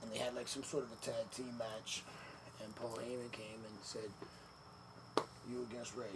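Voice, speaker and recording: A man telling stories in a relaxed sit-down interview, with many fillers, acting out the quotes of others. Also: medium pitch, moderate pace. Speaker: podcast guest, former wrestler. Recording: noisy room ambience.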